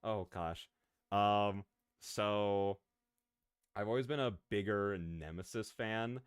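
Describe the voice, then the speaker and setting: A man streaming as a VTuber, chatting casually with his viewers in an excitable, rambling way, drifting off on tangents and laughing often. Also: fairly low pitch, slow, smooth, no echo, studio quality. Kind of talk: casual live-stream chat, answering viewers.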